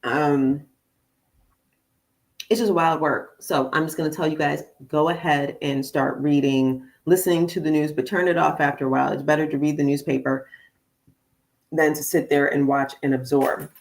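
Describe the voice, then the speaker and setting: Chatty low-voiced woman podcast host. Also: moderate pace. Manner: chatty, animated, addresses listeners as "y'all". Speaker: podcast host and conflict coach. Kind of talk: casual morning podcast monologue. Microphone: studio podcast microphone.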